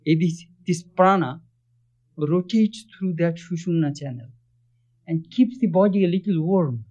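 High-voiced man giving a spiritual talk. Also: a little mellow. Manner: earnest, questions listeners, chants Sanskrit verses quickly. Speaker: spiritual teacher. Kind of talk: religious discourse. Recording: dull lo-fi recording.

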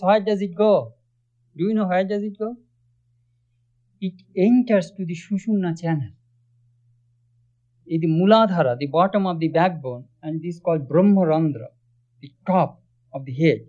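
A spiritual teacher with a high, mellow voice gives a religious discourse, explaining earnestly and often putting questions to his listeners. He chants Sanskrit verses quickly, and the recording sounds dull and lo-fi.

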